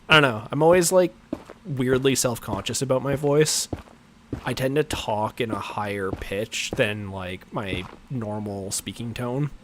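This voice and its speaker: A man with a deep voice chatting casually while he plays a game on a livestream, rambling and filler-heavy, often chuckling. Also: measured pace, a bit bright, slight background noise. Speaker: livestream gamer. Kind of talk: casual gameplay chat.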